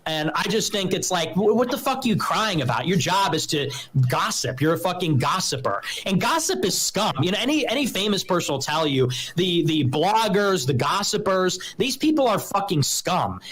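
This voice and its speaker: A man's voice: high voice, big pitch swings, normal speed, a bit bright, low-quality recording. A man hosting a livestream, ranting casually and emphatically, mocking others in put-on voices. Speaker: livestream host.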